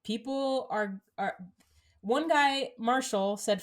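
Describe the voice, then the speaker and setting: A woman's voice: medium pitch, normal speed. A woman co-hosting a podcast in casual chat, reading out reviews with plenty of fillers. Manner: reads out reviews, chatty with many fillers. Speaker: podcast co-host.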